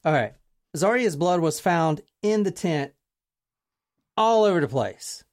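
A woman hosting a casual chat, telling a true crime story in an animated way, swearing casually and acting out quotes. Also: lowish voice, measured pace.

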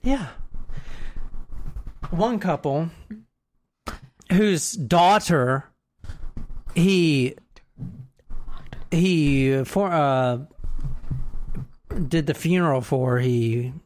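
A woman casually talking through a true-crime story on a podcast, animated and profane, mocking the killer in put-on voices. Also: sits low, very slow, long pauses. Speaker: podcast co-host.

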